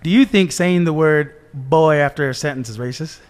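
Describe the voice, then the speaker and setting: A man with a fairly high, smooth voice, speaking at a moderate pace, tells a story in a casual podcast chat. He is animated and acts out the voices of the people in his story.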